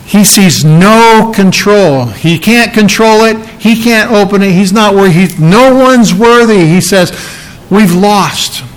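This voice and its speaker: A man's voice: high voice, lively intonation, a little slow, hardly any pauses, poor audio. A man preaching a sermon, reading Bible verses aloud and explaining them earnestly. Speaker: pastor.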